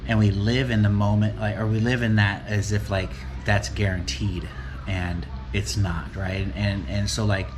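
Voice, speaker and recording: A man's voice: fairly low pitch, little pitch movement, moderate pace, noisy background. A man talking casually and reflectively as a motivational vlogger, rambling and tagging his points with "right?". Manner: rambling, keeps asking "right?".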